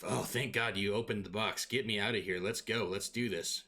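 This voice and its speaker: A man's voice: on the low side, fairly even intonation, moderate pace, bright, forceful tone. A man voicing a grumpy male dwarf spirit trapped inside a hammer, impatient and grumbling insults. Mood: relieved.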